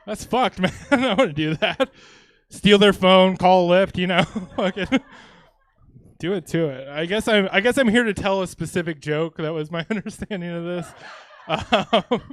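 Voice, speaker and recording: A man from Louisiana does a stand-up set with a fairly high, smooth voice and a dry, close sound. He talks casually, swears freely and chuckles between lines into a handheld mic. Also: normal speed, no echo. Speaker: stand-up comedian. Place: comedy theater stage.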